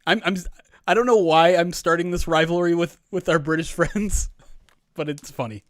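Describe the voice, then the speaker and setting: A man's voice: fairly high pitch, moderate pace, no echo, studio quality. A man hosting a live stream in casual chat, reading viewer comments and rambling as he often restarts his sentences. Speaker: streamer host.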